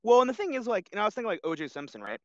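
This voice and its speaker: A man's voice: high-pitched, big pitch swings, very fast, dry recording, lo-fi sound. A man co-hosting a casual online show, rambling with lots of fillers and restarts. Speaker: co-host. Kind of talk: casual podcast chat.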